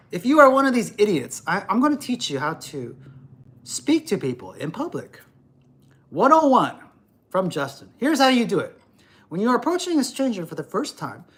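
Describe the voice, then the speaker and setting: A middle-aged man rants on a livestream, lecturing and cursing as he goes. His voice swings widely up and down, with a lively, animated delivery. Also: high-pitched, slightly rough. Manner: ranting, profane, lecturing. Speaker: livestream host. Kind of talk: livestream rant.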